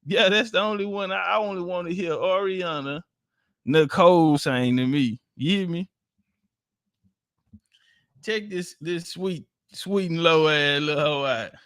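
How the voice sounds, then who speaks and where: A man's voice: fairly high pitch, unhurried, fairly bright tone, no room sound, clean studio sound. A man giving casual, profane commentary on clips, laughing and mocking as he talks. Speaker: online commentator.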